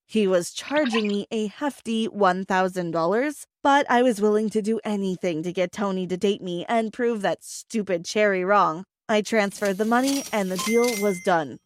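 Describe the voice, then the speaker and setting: A young adult woman narrating a first-person teen story in an even storytelling voice. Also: mid-range voice.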